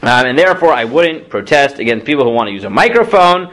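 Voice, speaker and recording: A man's voice: mid-range voice, very animated, quick pace, a bit bright. A man, a rabbi, giving a lecture on Jewish law in a classroom. He reads sources aloud, explains them in English and puts questions to his students.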